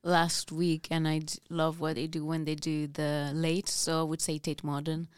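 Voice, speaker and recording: A woman from Italy with an Italian accent, a guest musician in casual chat, easygoing and quick to laugh. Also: sits low, completely flat delivery, clear, resonant tone, dry recording, clean studio sound. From Italy, near Venice.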